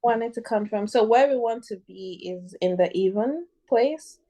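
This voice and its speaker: A woman singing student with a gravelly voice, speaking with vocal fry as she asks a question. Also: on the high side, measured pace, mellow.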